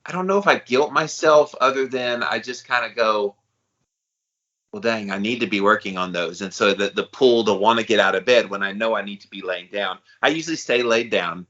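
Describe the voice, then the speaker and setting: A man co-hosting a podcast, talking in a loose, slangy, animated way. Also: fairly low pitch, a little fast, few pauses, highs cut off. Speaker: podcast co-host. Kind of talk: casual chat.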